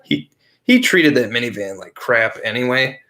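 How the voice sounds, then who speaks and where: A young man spins a rowdy yarn on a casual podcast, swearing freely and padding his lines with "like" and "frickin'". He rambles from one detail to the next and drops into quick put-on voices for his friends. His voice sits at a middling pitch. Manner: rambling, profane, animated retelling with filler "like" and "frickin'"; acts out quoted friends with shifted voices. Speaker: podcast co-host. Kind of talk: casual storytelling.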